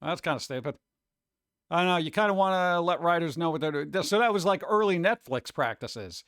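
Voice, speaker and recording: A man's voice: fairly high pitch, lively intonation, moderate pace, fairly bright tone, no echo, studio quality. A man live-streaming, rambling and joking in casual chat as he reacts to viewers.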